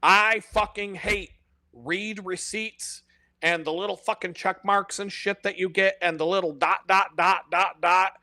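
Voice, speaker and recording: A man's voice: sits high, fairly even intonation, a little slow, sharp tone, no room sound. A man hosting a live stream, ranting in an unscripted monologue, profane and exasperated but mocking himself.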